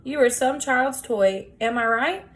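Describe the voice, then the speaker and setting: A woman voicing a huge, kindly bearded man of the road who speaks in gentle, formal phrases. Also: high-pitched, a little slow. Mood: genial. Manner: courtly, gentle, wordy.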